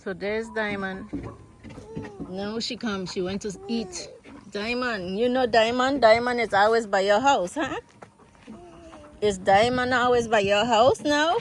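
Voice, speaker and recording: American woman vlogger, unhurried and chatty, recorded outside on a phone. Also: a little hiss or hum. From United States. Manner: chatty, talks to animals in a high coaxing voice. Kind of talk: casual vlog narration. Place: outdoors on a farm plot.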